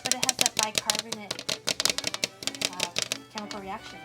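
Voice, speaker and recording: A woman's voice: medium pitch, normal speed. A woman co-hosting a casual cooking demo, who teases and cracks jokes. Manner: teasing, wisecracking. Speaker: cooking show co-host. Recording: background music.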